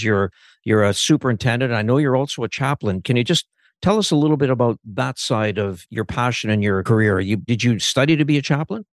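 A man hosting an interview, asking long questions with halting restarts. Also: medium pitch, no echo, clean studio sound. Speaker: interview host.

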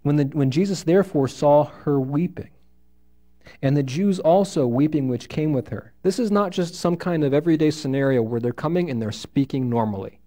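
Guy teaching bible study to a little group, kinda high but mellow voice, lively, keeps asking questions. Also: normal speed. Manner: animated, asks the group questions, reads scripture and explains it. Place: room with a small group listening.

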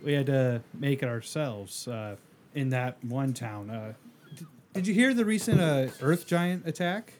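A man's voice: mid-range voice, expressive, a little slow, a little hiss or hum. Joking guy at a tabletop game, voice jumps up and down a lot. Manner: joking, wisecracking. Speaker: player. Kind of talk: casual tabletop play.

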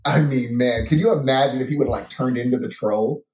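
Excitable man in an echoey room. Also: mid-range voice, fairly quick. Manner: animated, excitable. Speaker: podcast co-host. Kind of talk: casual chat.

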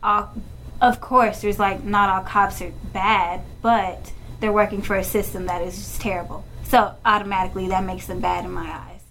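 A woman's voice: medium pitch, little pitch movement, normal speed, fairly bright tone, a little hiss or hum, poor audio. A young woman recounting painful events in a casual interview, using "like" often. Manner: casual, heavy use of like, emotional retelling. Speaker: interviewee, victim's partner.

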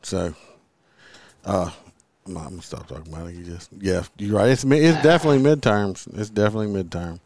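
A man's voice: lowish voice, brisk, darkish tone, no room sound. A man hosting a podcast, reading news aloud and ranting bluntly, with lots of profanity. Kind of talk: casual political talk.

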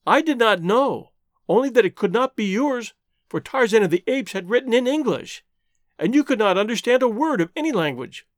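A man's voice: very high-pitched, animated, normal speed, no room sound, clean studio sound, voice pushed up. A man reading an audiobook, voicing an earnest, emotional young woman in a raised, pleading tone. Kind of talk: audiobook character voice.

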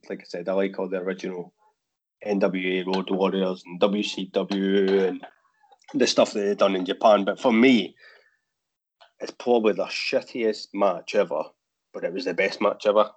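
A man's voice: deep voice, fairly even intonation, normal speed, lo-fi sound. A Scottish man, a guest on a podcast, chatting casually in a rambling way with frequent restarts. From Scotland. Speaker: guest, figure customizer.

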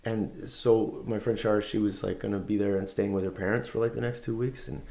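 A man's voice: lowish voice, flat delivery, a little fast, creaky, warm tone, a little hiss or hum. A man, a guest musician, telling anecdotes in a casual conversation, rambling and laid-back with lots of fillers and restarts.

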